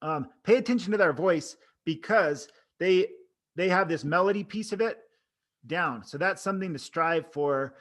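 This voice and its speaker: In a high, slightly bright voice, an oral board coach talks to camera a little slowly but in an animated way. He teaches casually, showing examples of expressions and vocal tones.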